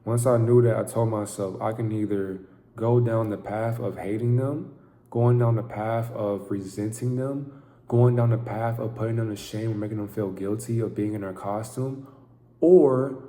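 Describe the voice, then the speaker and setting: A man's voice: on the low side, warm tone, echoey room. A man giving an intense, profane, preaching monologue to camera as a vlogger.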